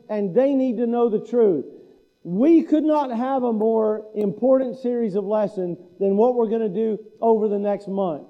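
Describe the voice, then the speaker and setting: A man's voice: sits high, lo-fi sound. A man pastor delivering a sermon in a conversational, self-deprecating preaching manner.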